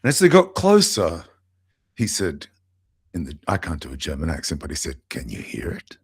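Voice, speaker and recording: A man's voice: sits low, huge pitch swings, moderate pace, slightly rough, dry recording. A man, a podcast guest telling a heartfelt story, with restarts and fillers, into a close mic. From Australia.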